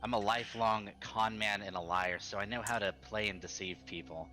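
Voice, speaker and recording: A man's voice: fairly low pitch, steady tone, brisk, pushed and bright, soft background music. A man playing a tabletop game, talking hesitantly with many fillers. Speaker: player.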